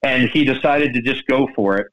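A man hosting a golf radio show, telling stories in casual sports chat with a lively, storytelling manner, speaking into a studio microphone. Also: moderate pace, highs cut off. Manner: animated storyteller, lively swings in pitch.

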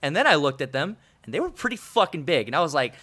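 Bright-voiced, profane military man. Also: on the high side, sing-song, quick pace. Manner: sheepish, profane, laughing asides. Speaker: podcast guest; serving military member. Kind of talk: casual storytelling.

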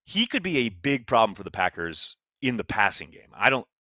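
Man, casual sports chat, animated, bright voice, dry close sound. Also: on the low side, brisk, no room sound. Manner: animated, emphatic, exclamations. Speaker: podcast co-host.

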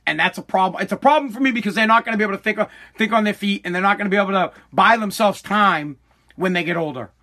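Middle-aged man, very high bright voice, swears nonstop, animated rant about the old days. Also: fast. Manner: swears constantly, animated, self-interrupting. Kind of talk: casual profane storytelling rant.

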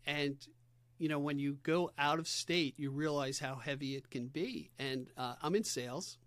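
A man's voice: a little high, moderate pace, fairly bright tone, dry recording. A man with a New York accent hosting a podcast interview in a casual, conversational way. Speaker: podcast host, salesman.

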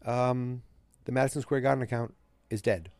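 A man's voice: medium pitch, steady tone, normal speed, darkish tone, voice pushed up, lightly acted. A man voicing a polite British male executive who brings bad news, in an attempted British accent. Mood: apologetic.

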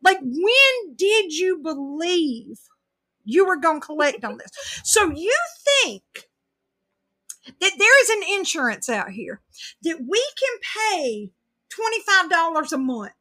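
A woman hosting a casual chat, telling an animated story and laughing through it. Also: extremely high pitch, slow.

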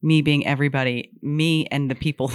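A middle-aged woman chatting casually as a podcast co-host, self-deprecating and lively when she quotes others. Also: sits low, normal speed, clean tone, dry recording, studio quality. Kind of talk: casual chat.

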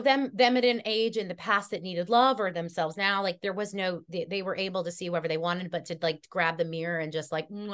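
A woman's voice: lowish voice, a bit bright. A woman guest in a casual podcast conversation, telling a heartfelt story with lots of fillers and restarts. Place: Connecticut.

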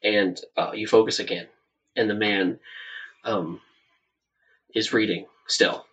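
A soft-spoken man narrates a tabletop game as game master. His voice sits on the low side, and he wanders through the story. The mic catches him from a little way off. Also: fairly even intonation, slow pace, distant mic, muffled recording. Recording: voice set back from the mic.

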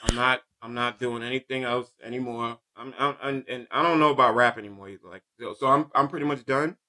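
A man's voice: mid-range voice, pushed and bright. A man hosting a podcast, joking around in casual chat and saying "yo" a lot. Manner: quick, joking, uses "yo" a lot. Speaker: podcast host.

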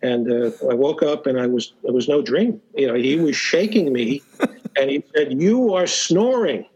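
A man's voice: mid-range voice, moderate pace, a little mellow, breathy edge, muffled recording. A man guesting on a podcast, telling stories casually with lots of hesitations, restarts and fillers, and chuckling now and then. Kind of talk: casual storytelling interview.

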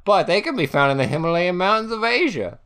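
A man playing a tabletop role-play game, rambling through trivia in a halting, eager way. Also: high voice, sing-song, fairly bright tone, clear, resonant tone. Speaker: player.

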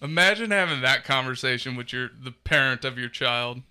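A man's voice: mid-range voice, animated, fairly quick, bright, forceful tone, smooth. A man co-hosting a casual podcast chat, reacting to stories with jokes and playful questions. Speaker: podcast co-host.

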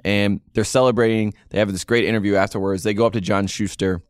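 Low-voiced man ranting on a podcast. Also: steady tone, fast talker, smooth, no room sound, clean studio sound. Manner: ranting, exasperated complaining. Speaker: podcast co-host. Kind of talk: casual sports chat.

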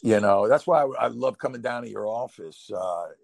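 A man with a Brooklyn accent chatting casually on a podcast, rambling and animated, laughing often and jumping up in pitch when excited. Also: normal speed, no echo. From New York. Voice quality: gravelly, husky. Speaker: podcast co-host.

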